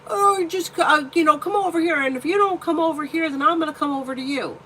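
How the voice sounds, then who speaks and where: A woman's voice: high-pitched, quick pace, bright, forceful tone, a little hiss or hum, pitched above the performer's own voice, low-quality recording. A woman voicing a pushy, insistent man who coaxes her to come over. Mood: coaxing. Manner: coaxing, insistent.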